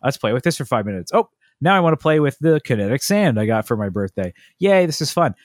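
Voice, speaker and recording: An eager little boy chatters breathlessly, jumping from one toy to the next, as a dad mimics him. The voice sits a bit above the man's usual pitch and speeds up as it goes. It is recorded very dry. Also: big pitch swings, fast talker, dry recording, close to an everyday voice. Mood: excited. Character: excited little boy hopping between toys.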